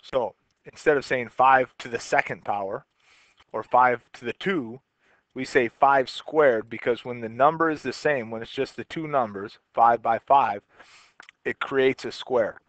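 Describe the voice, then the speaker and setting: A man's voice: medium pitch, a little slow, fairly bright tone, no echo. A man teaching a recorded math lesson in a casual way, explaining step by step while he writes. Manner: casual, talks while writing, repeats and restarts.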